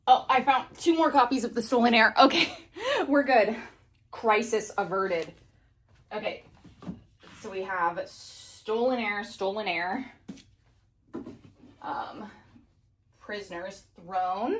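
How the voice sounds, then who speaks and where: A woman's voice: medium pitch, slow, pauses often, fairly bright tone, slight background noise. A woman in her thirties chatting casually to camera at home while rearranging bookshelves, giggly and out of breath, with lots of fillers. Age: 30s. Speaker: book vlogger.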